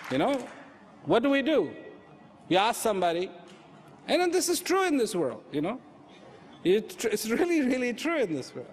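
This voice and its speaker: A man giving an inspirational talk on inner peace, slow and reflective, repeating phrases for emphasis. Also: extremely high pitch, wildly swooping pitch, slight background noise. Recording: hall reverb with faint ambience.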